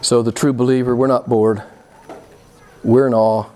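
A middle-aged male preacher delivering a sermon with passion, his voice jumping from hushed asides to sudden high, emphatic rises. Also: flat delivery, normal speed, a little hiss or hum. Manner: impassioned, swings from quiet to loud with sudden rises.

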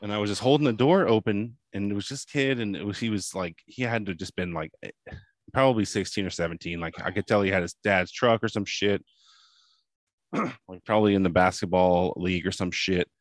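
A man's voice: on the low side, no room sound, clean studio sound. A man in his late thirties telling a story in casual podcast chat. He rambles, halts and swears as he talks. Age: late 30s. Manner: rambling, halting, profane storytelling.

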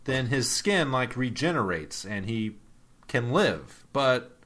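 A man's voice: medium pitch, very animated, slow, fairly bright tone. A man co-hosting a podcast, talking casually about a film's plot with a laid-back, laughing manner. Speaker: podcast co-host. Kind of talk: casual chat reviewing a film.

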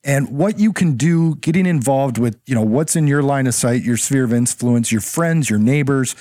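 A man co-hosting a relaxed talk show, backing up his guest and laying out the show's aims. His voice is mid-pitched. The sound is close and dry. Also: normal speed, no room sound. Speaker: co-host. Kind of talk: casual talk show chat.

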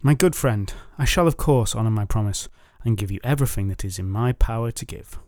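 A man's voice: lowish voice, brisk, darkish tone, no room sound, clean studio sound, close to an everyday voice. A man playing a bumbling, stammering young lord. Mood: flustered. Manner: hesitant, stammering and over-formal. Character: bumbling dim-witted young lord, eager and flustered.

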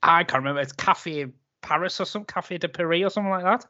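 A man's voice: high voice, fast talker, bright, forceful tone, highs cut off. A man with a Geordie accent chatting casually as a podcast co-host, jokey and chatty. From North East England. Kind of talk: casual chat.

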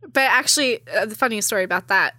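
A young woman tells a story in casual talk, animated and quick to laugh, swearing freely. Her voice is bright and pitched a little high. The sound is dry and close. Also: no echo. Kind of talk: casual conversation.

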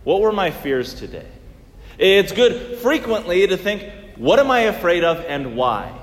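A man's voice: on the high side, in a large hall. A man preaching a sermon in earnest tones, asking rhetorical questions and swinging his emphasis up and down.

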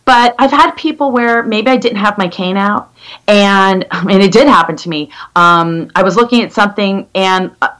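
A middle-aged woman, a guest in a conversation, telling stories in an animated, rambling way with many restarts. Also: mid-range voice, moderate pace, rough recording. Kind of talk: conversational storytelling.

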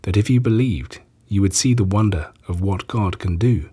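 Brief: a male reader giving a steady, gentle teacher, deep and smooth. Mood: calm. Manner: measured, gentle reading of quoted speech. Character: Jesus, calm grown male teacher.

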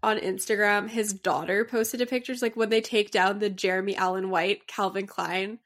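A woman's voice: medium pitch, steady tone, normal speed, fairly bright tone. A young woman co-hosting a podcast, chatting casually and agreeably with many filler words. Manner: easygoing, agreeable, filler-heavy. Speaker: podcast co-host. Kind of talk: casual chat.

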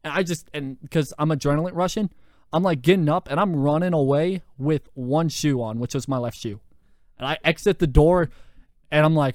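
A young man hosting a podcast, telling a story in a lively, profane way with lots of fillers, into a handheld mic. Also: a little high, moderate pace, no echo, clean studio sound. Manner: animated, profane, full of fillers. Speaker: podcast host. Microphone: handheld microphone.

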